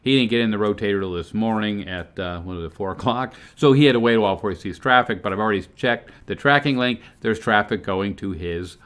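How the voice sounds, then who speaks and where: A middle-aged man giving an earnest, excitable motivational talk to camera about his online business, his voice jumping up when he gets fired up. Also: lowish voice, quick pace, few pauses, smooth.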